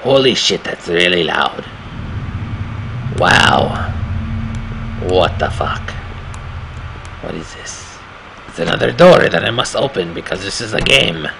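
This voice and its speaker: Raspy man swearing through a horror game. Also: deep voice, lively intonation, slow pace, pauses often, noisy background. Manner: swearing, startled reactions while playing. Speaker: gameplay commentator. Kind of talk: casual game commentary.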